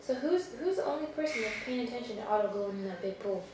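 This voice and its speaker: Woman teacher, high voice, patient and coaxing; echoey room, far mic. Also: lively intonation, quick pace, background noise. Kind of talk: reading a picture book with a child.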